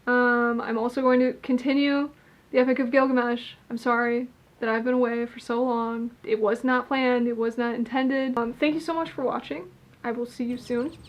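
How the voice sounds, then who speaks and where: A woman's voice: fairly high pitch, steady tone. A young woman hosting her own channel, explaining poetry in a casual, thoughtful way, thinking aloud and correcting herself as she goes. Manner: thoughtful, self-correcting, talks through ideas slowly. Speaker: poetry teacher, channel host. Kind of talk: casual instructional talk on poetry.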